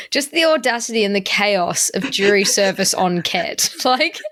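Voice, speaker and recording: A woman hosting a casual podcast chat, laughing often and telling stories with animated energy. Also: mid-range voice, unhurried. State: sober. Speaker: podcast host.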